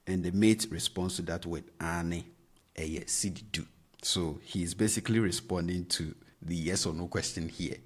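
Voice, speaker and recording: Male language teacher, low voice, patient, repeats phrases and acts out questions with exaggerated rising tones. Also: steady tone, moderate pace, breathy edge. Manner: patient, repeats each phrase several times. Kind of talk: explaining a language lesson.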